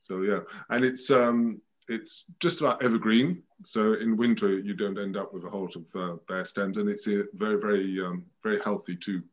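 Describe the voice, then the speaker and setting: Male guest, fairly low voice, meandering hesitant talker on a home video call. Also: fairly even intonation, moderate pace, hardly any pauses, low-quality recording. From France. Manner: rambling, hesitant, restarts often. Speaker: guest rose expert. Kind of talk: casual chat over video call. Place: at home by a window.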